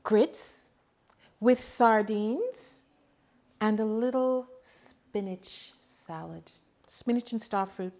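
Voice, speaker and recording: Casting note: middle-aged woman, slow easygoing delivery, mid-pitched, chatty home cook walking through a kitchen demo. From Bahamas. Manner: relaxed, chatty, homey asides. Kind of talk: cooking demonstration.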